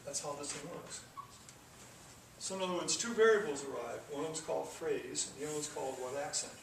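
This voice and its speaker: A man's voice: fairly high pitch, fairly quick. A man teaching a classroom coding lesson, talking through the code step by step with casual asides. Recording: echoey classroom from far off with noise.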